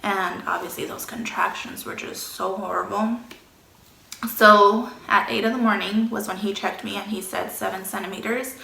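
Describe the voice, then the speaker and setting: A woman's voice: medium pitch, fairly even intonation, moderate pace, creaky, bright, forceful tone. A young woman vlogging and casually telling a personal story. She acts out what people said and sometimes drops to a whisper. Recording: echoey room.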